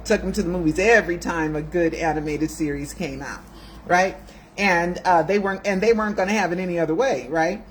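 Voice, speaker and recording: Chatty woman in her sixties, lowish voice. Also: fairly quick, slight background noise. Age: 60s. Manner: chatty, digressive, emotional. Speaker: video host. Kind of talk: casual chat to camera. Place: home room.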